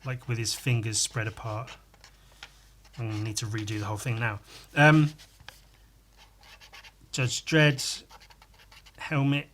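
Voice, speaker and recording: A man hosts his podcast while drawing, chatting casually as he works. His voice is bright and clear, and he wanders between muttered asides and crude, jokey remarks. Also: mid-range voice, steady tone, unhurried, long pauses, slight background noise. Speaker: podcast host drawing live.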